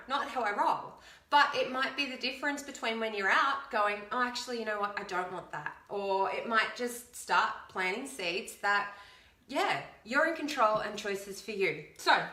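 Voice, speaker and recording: A woman's voice: a little high, pushed and bright. An upbeat woman, a fitness coach chatting casually to camera while counting aloud. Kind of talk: casual video chat. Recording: echoey room.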